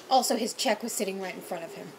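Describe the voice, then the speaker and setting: A woman's voice: medium pitch, moderate pace. Young woman telling a work story, noisy. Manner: animated, mimics people in loud quoted voices, many fillers. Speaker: restaurant server telling a story. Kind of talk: casual storytelling.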